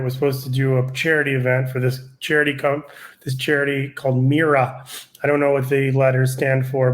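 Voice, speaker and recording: A stand-up comedian in his forties with a mid-range voice tells a profane, lively anecdote during a casual podcast conversation.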